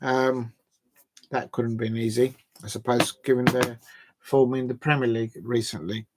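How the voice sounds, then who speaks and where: A man's voice: medium pitch, fairly even intonation, normal speed, heavy background noise. A man hosting a live football transfer show, chatty and hesitant, with lots of fillers as he reads out quotes.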